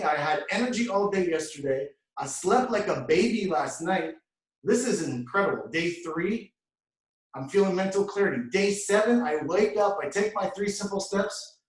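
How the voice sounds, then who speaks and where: A man telling his story as an energetic motivational testimonial, often calling the crowd "guys.". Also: high voice, roomy sound, recorded from a distance, poor audio. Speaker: award recipient speaker.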